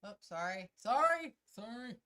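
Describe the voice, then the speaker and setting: A woman's voice: a little high, very animated, unhurried, sharp tone. A woman co-hosting a live stream, giggling and chatting casually as she mixes drinks. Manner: giggly, chatty, playing bartender. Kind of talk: casual chat.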